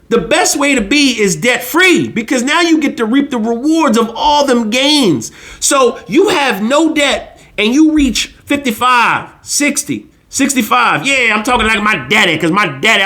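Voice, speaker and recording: A man's voice: very high-pitched, lively intonation, moderate pace, bright, forceful tone. A man hosting his own finance channel, giving a blunt, slangy, preachy casual monologue.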